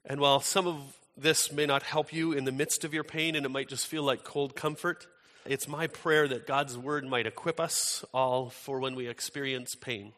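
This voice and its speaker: A man's voice: medium pitch, fairly even intonation, moderate pace, few pauses, a bit bright. A man preaching a sermon, praying and then telling a story in a conversational, earnest way. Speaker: pastor. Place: large church hall. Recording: reverberant hall sound.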